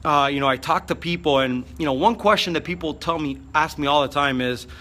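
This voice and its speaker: A man giving an energetic motivational vlog talk, fired up, with frequent fillers. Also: a little high, fairly quick. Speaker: motivational speaker.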